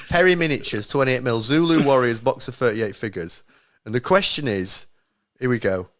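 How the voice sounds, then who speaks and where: A young man hosts a casual live stream, talking fast and loose with lots of laughter. He keeps turning to address the chat, joking his way through the show. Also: medium pitch, fairly bright tone. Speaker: podcast host.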